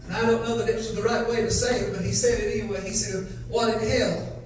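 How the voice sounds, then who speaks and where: Shouting evangelist man in echoey church. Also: sits high, fairly even intonation, quick pace, slight background noise. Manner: builds to shouted, sing-song chanting with repeated phrases. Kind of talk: fiery revival sermon. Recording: echoey church hall from far off, faint music.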